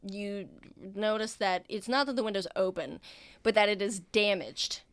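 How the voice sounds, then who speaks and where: Brief: woman game master, mid pitch, halting casual narration, dry close sound. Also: clear, resonant tone, no room sound. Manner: casual, hesitant with fillers.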